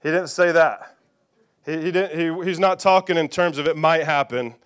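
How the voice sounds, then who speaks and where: A man's voice: a little high, normal speed, clean tone. A middle-aged male pastor preaching a sermon in a conversational way, often checking in with his listeners with "okay?" and "amen?".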